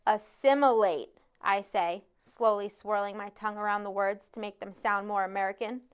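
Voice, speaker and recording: A woman reading a novel aloud in a measured first-person narration. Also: medium pitch, little pitch movement, clean tone. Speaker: audiobook narrator. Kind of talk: scripted narration.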